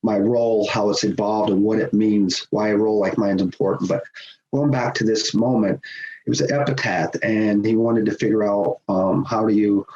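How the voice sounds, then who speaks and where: A middle-aged man, a guest on a podcast, telling a personal story in a lively conversational way, chuckling as he goes. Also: lowish voice, moderate pace. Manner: animated, acts out quoted voices, chuckles often. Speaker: podcast guest, hockey official. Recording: roomy, dull sound with faint hiss.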